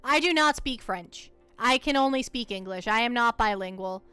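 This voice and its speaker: Playful, smooth-voiced woman streamer. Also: a little high, animated, normal speed, bright, forceful tone, dry recording. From United States. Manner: playful, chatty, teasing, repeats words as she talks. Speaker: livestreamer. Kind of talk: casual gameplay livestream chat.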